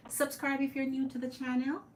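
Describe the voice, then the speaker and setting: A woman's voice: high-pitched, flat delivery, fairly quick, poor audio. A woman with a Jamaican accent hosting a live tarot stream, chatting with her viewers and greeting them by name.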